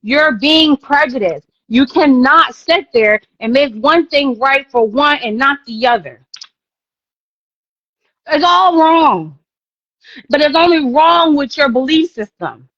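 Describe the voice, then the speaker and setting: High-voiced woman ranting on a live stream. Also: expressive, takes it slowly, fairly bright tone, no room sound, highs cut off. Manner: confrontational, profane, repeats phrases for emphasis. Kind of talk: heated live-stream rant.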